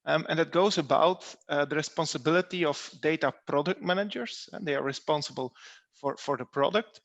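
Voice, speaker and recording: Gravelly moderator man, hesitant. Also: on the high side, a little fast, highs cut off. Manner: hesitant, many "uh" fillers. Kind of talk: reading audience questions.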